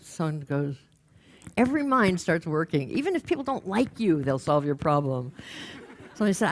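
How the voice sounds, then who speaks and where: A woman's voice: lowish voice, normal speed, pauses often. A woman career coach giving a talk, telling anecdotes and acting out the people in them. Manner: animated, acts out the people in her anecdotes. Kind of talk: storytelling talk to an audience.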